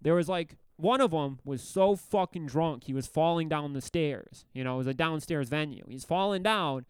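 A man's voice: on the high side, moderate pace, clear, resonant tone, no echo, clean studio sound. Profane, laid-back male storyteller. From Detroit. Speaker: podcast co-host. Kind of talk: casual storytelling chat.

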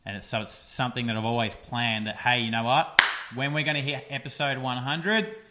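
A man's voice: medium pitch, fairly even intonation, a little fast, very noisy. A young man hosting a casual podcast, chatty and rambling with lots of fillers. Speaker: podcast host. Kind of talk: casual solo podcast chat.

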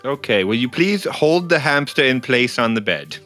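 A man's voice: medium pitch, big pitch swings, moderate pace, sharp tone, soft background music. A man playing a cleric in a tabletop game, speaking playfully and earnestly in character, often laughing. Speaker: player. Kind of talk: tabletop role-play.

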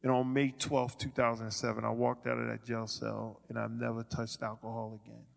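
A man giving a sermon testimony as a ministry leader, stammering and restarting, swinging from quiet asides to loud declarations. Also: mid-range voice, completely flat delivery, brisk, vocal fry, in a large hall.

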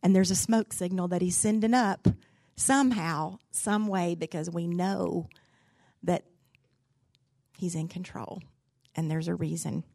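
A woman's voice: lowish voice, fairly even intonation, a little slow, vocal fry, a little mellow, dry recording. A woman, a pastor's wife giving a devotional talk in a folksy, candid, humorous storytelling way. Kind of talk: sermon-style devotional storytelling.

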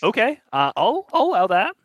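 A man's voice: high-pitched, huge pitch swings, normal speed, fairly bright tone, rough recording. A man running a tabletop game as game master, narrating in a casual, loose way. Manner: casual, loose, laughing often.

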